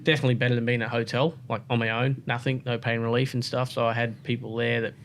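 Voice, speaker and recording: An Australian man chats as a podcast guest, spinning long stories in a loose, rambling way. He leans on "like" and "um" as he goes, at an ordinary middle pitch. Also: quick pace, a little hiss or hum. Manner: relaxed, rambling, many "like" and "um" fillers. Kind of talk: casual interview storytelling.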